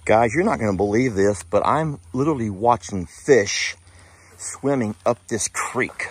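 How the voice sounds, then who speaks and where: A man vlogging outdoors by a creek, excitable and often shouting to his animals. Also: medium pitch, measured pace, slightly rough. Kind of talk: casual outdoor vlog.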